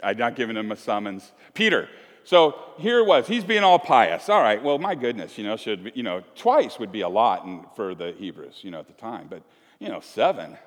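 This pastor speaks at a normal pace in a sing-song voice that sits on the low side. Standing in a church sanctuary, he delivers a conversational, joking sermon and plays out little scenes for his congregation, all captured with the echo of the hall.

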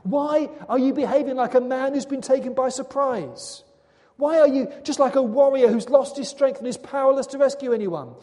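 Anguished prophet, pleading and raw, high and mellow, a man acting him out in a sermon. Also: moderate pace, few pauses, close to an everyday voice. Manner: pleading, rising questions. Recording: long hall reverb.

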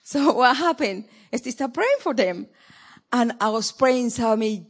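A fairly high-voiced middle-aged woman, not her first tongue, preaching a sermon. She swings from quiet, soft asides to loud, emphatic exhortations, repeating phrases for weight. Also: expressive, moderate pace.

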